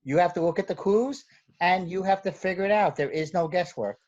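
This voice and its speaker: This is a male teacher recounting a classroom moment with lively storytelling. His voice sits a bit high, and the audio sounds muffled and lo-fi. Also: a little fast. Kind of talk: casual panel discussion. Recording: dull lo-fi audio.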